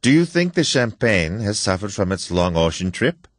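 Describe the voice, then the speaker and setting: A man's voice: on the low side, sing-song, dry recording, studio quality. A man reading as a suave, menacing aristocrat general. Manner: courteous, measured, slow menace. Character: suave aristocratic older male hunter general. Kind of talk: audiobook story reading.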